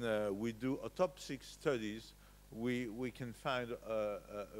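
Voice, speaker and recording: A man with a French accent and French as his first language, giving a conference lecture with frequent pauses and restarts. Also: medium pitch, poor audio. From France. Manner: hesitant, frequent filler sounds and restarts. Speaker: medical lecturer. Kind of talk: conference presentation. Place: conference hall.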